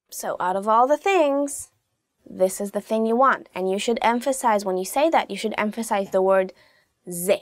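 A chatty young woman hosts a casual video language lesson, pausing to say each phrase slowly and clearly. Her voice sits at a middle pitch and is recorded close up with a dry sound. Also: expressive, no room sound. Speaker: language teacher, show host.

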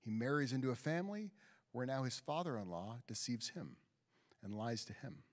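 A rabbi with a mid-range voice, speaking at normal speed, tells a story during a sermon in a synagogue sanctuary. He's animated, acting out the voices of the people in it, and the recording carries long hall reverb.

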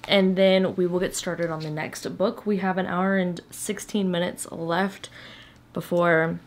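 A woman's voice: lowish voice, little pitch movement, a little slow. A woman, chatting playfully at home as a reading vlogger, sometimes dropping to a whisper. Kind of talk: casual vlog chat. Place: home, indoors.

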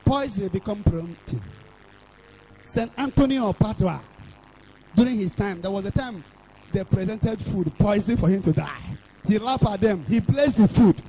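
A Nigerian man preaching a fiery revival sermon, shouting and chanting lines for the crowd to repeat. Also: high voice, expressive, moderate pace, soft background music, rough recording. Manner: shouting, sing-song call-and-response preaching. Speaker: evangelist preacher.

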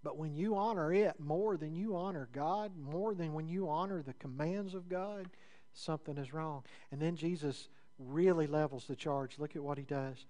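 A pastor preaches a sermon conversationally at normal speed, building with rising emphasis before dropping into low, quiet asides.

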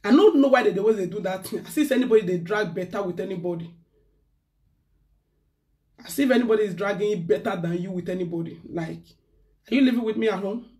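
A woman's voice: mid-range voice, fast talker, pauses often, dark tone, recorded from a distance. A woman with a Nigerian accent ranting in casual chat as a live-stream host, slipping pidgin into her English.

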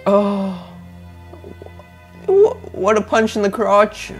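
A young man playing a video game and commenting on it, excitable, joking and rambling as he reacts. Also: high voice, extremely slow, slightly rough, faint music behind. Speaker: gaming video host. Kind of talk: let's play commentary.

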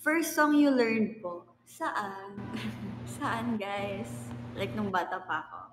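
A woman's voice: mid-range voice, extremely slow, long pauses, over music. Giggly Filipino woman chatting on a livestream. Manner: playful, giggly, switches between English and Filipino. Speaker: livestream host. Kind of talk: casual live-stream chat reading comments. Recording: echoey room with long reverb and clear background noise.

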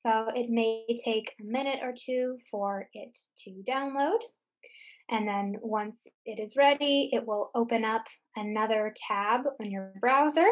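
Patient woman walking through software steps. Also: on the high side, a little slow. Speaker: tech tutor. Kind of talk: screen-share software tutorial. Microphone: computer mic on a recorded webinar.

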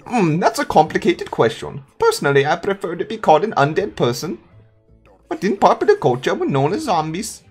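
A woman voicing a polite, gentle male zombie with a put-on German accent, in a higher sing-song voice. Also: very animated, fairly quick, breathy edge, faint music behind. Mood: musing. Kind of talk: voicing game dialogue.

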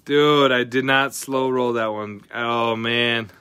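Man, live stream host, casual chat, excitable, swears a lot, bright forceful voice, dry close sound. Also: mid-range voice, takes it slowly, clean tone, no echo. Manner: excitable, swears often, reacts loudly to card pulls. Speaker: card-opening streamer.

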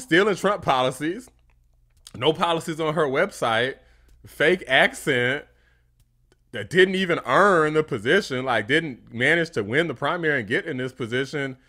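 A man's voice: fairly high pitch, lively intonation, normal speed, pushed and bright. A man hosting a political commentary vlog, talking bluntly and heatedly and throwing insults. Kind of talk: opinionated commentary.

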